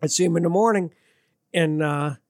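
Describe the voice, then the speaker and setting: A Detroit musician, appearing as a guest in a casual interview, tells stories at normal speed. He's an animated storyteller who swings his voice up high for quoted lines, recorded in studio quality with no echo.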